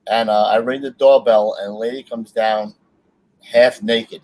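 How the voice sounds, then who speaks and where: Animated New firefighter storyteller man. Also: on the low side, measured pace, low-quality recording. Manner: animated, swears freely, laughs while telling stories. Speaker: podcast co-host, retired firefighter. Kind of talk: casual chat, storytelling.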